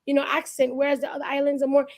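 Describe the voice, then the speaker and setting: A woman with a notably high voice co-hosts a casual talk radio show. She chats in an animated, storytelling way, jumping from one point to the next. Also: rapid-fire. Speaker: co-host.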